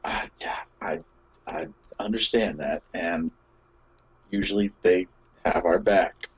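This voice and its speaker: A man's voice: deep voice, slow, breathy edge, full character voice. A man voicing his tabletop character, a concerned adventurer visiting a jailed friend, talking hesitantly with stammered restarts. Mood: earnest. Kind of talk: in-character tabletop role-play. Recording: dull lo-fi mic.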